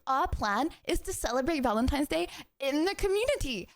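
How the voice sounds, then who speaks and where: A woman's voice: high voice, big pitch swings, normal speed. A woman streamer chatting casually and giggly with her live stream audience. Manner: bubbly, giggly, talks to chat directly. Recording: music playing loudly behind. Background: loud karaoke music.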